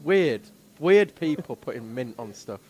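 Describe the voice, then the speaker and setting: A man from England commentating a live race stream, drifting into an animated, jokey rant with quick asides. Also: medium pitch. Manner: animated ranting, rapid asides, frequent laughter.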